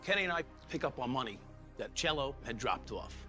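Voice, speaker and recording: A man's voice: mid-range voice, expressive, brisk, sharp tone. A middle-aged man from New York City, a former police officer, bluntly retelling his past in an interview, full of swearing and quoted dialogue. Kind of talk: documentary interview storytelling. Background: music.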